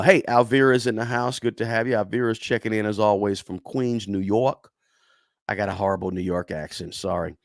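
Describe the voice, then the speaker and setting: A man's voice: medium pitch, no room sound, studio quality. A man hosting a finance livestream, talking casually, reading the chat and often checking in with "right?". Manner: conversational, tags lines with "right?", many restarts. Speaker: finance channel host.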